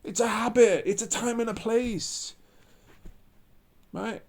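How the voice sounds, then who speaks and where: A man's voice: extremely high pitch, slow pace, darkish tone. A man ranting to camera in a preachy monologue, repeating his points with emphasis. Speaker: vlogger.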